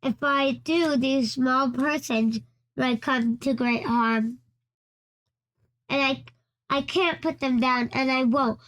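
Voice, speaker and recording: A woman voicing a kind, worried male elephant in a read-aloud storybook, in an earnest, halting way. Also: high-pitched, a bit bright. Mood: anxious.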